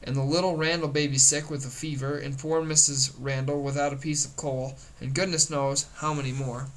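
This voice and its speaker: A man's voice: a little high, little pitch movement, fairly quick, fairly bright tone, lightly acted, poor audio. Storybook reading: man putting on a fretful, weepy village shopkeeper lady who frets and dithers. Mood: tearful. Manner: dithering, sobbing. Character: nervous tearful middle-aged village shopkeeper woman.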